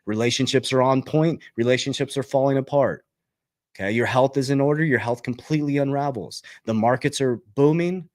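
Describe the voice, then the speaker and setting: A man's voice: a little fast, no echo, clean studio sound. A man hosting a finance channel, giving a motivational talk about investing. He is emphatic and repetitive, gets fired up, and keeps checking in with "okay?". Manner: gets fired up, pitch jumps on punchlines. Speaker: crypto and investing channel host.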